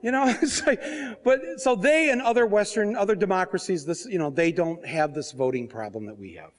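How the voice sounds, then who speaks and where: A man, an author and filmmaker, telling comic stories to a live audience in an animated, joking way, acting out the scenes. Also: sits high, a little fast. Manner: animated, joking, acts out scenes and voices, often breaks into laughter. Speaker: author and filmmaker giving a talk. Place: stage at a book fair.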